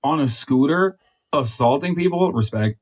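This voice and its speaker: A man's voice: a little high, animated, normal speed. A man joking wryly while reacting to a video alongside a friend. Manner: wry, provocative jokes. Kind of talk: casual reaction commentary.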